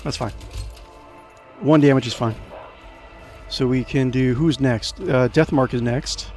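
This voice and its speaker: A man giving casual let's play commentary, playful and chatty, thinking out loud and adding little sound effects as he plays. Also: fairly high pitch, a little slow, long pauses, soft background music. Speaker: gameplay commentator.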